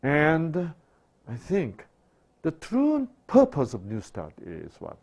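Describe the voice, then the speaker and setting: A man's voice: a little high, huge pitch swings, slow, darkish tone. A man giving a sermon-style health talk, asking rhetorical questions and answering them himself, with broken, repetitive phrasing. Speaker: health lecturer.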